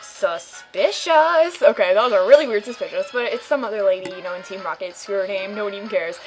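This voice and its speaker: A woman's voice: medium pitch, fairly even intonation, rapid-fire, low-quality recording. Young woman rambling thru a game playthrough, goofy, faint music behind. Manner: rambling, jokey, puts on silly voices. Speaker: gamer doing a let's play. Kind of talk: casual game commentary.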